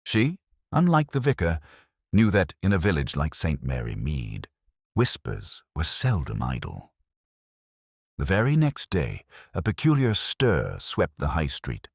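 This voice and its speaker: Man, storyteller host, measured and solemn, lively pitch swings, breathy low tone. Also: dry recording, clean studio sound. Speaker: host and narrator. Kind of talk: scripted storytelling narration.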